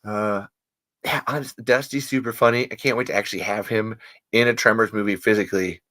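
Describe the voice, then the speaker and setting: A man's voice: on the low side, fairly even intonation, fast, bright, forceful tone. A young man hosting a casual podcast chat, playful and goofy, swearing freely and breaking into silly bits. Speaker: podcast host.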